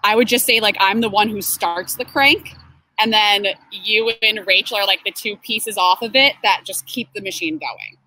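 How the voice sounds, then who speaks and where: Bright, chatty woman in her twenties. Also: medium pitch, moderate pace, slight background noise, poor audio. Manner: chatty, laughs often, lots of fillers like um and like. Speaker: creative and design manager, interviewee. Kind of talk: casual interview.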